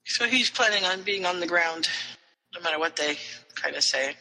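A man's voice: high-pitched, normal speed, big-room sound, poor audio. A man co-hosting a podcast, recapping a story in casual chat and animatedly acting out the characters' lines. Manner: animated retelling with quoted voices. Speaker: podcast co-host.

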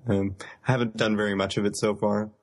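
A man talking casually on an online podcast call, speaking in a measured way with frequent ums and uhs. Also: on the low side, flat delivery. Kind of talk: casual chat.

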